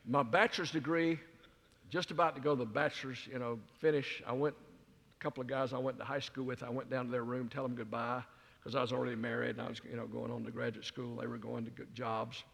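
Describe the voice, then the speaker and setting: Older male guest preacher, gravelly and husky, folksy storyteller in a big reverberant hall. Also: mid-range voice, level tone, quick pace, fairly bright tone. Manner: folksy storyteller, self-mocking jokes. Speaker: guest speaker. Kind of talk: sermon with personal stories.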